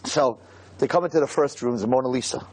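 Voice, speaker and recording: A man giving a Torah lecture, telling stories and preaching in an animated way with many rhetorical questions. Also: mid-range voice, quick pace, heavy background noise.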